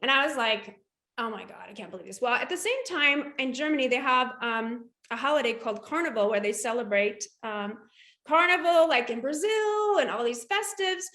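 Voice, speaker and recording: A woman from the United States, an entrepreneur guest, telling her story in a casual, animated way and acting out quoted dialogue. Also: sits high, normal speed. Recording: echoey room.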